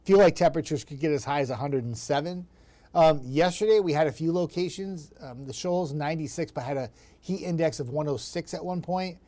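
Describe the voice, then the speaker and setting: A man's voice: on the high side, brisk, dark tone. A man hosting a casual live weather chat, greeting viewers by name in a chatty, self-deprecating, upbeat way.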